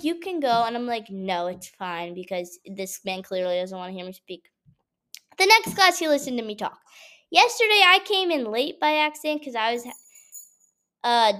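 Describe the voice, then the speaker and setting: A woman's voice: fairly high pitch, smooth. A young woman, a college student, chatting casually to the camera in a vlog, telling stories with lots of fillers. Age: young adult. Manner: chatty, animated storytelling with frequent fillers. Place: at home.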